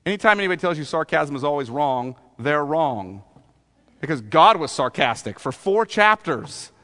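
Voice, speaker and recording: A male pastor preaches in a loose, conversational way and keeps checking in with the congregation through rhetorical questions. His voice sits fairly high for a man, and a long reverb trails each phrase through the church hall. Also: big pitch swings, normal speed, sharp tone. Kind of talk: sermon.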